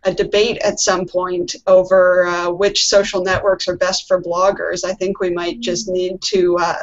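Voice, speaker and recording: A woman's voice: on the low side, level tone, a little slow. A woman co-hosting a casual video-call chat, chatty and friendly. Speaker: co-host. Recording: dull lo-fi video call audio.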